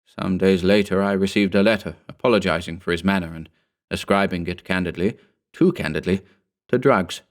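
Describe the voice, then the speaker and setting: Low guy reading a creepy horror story, slow and brooding. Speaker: audiobook narrator. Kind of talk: scripted horror narration.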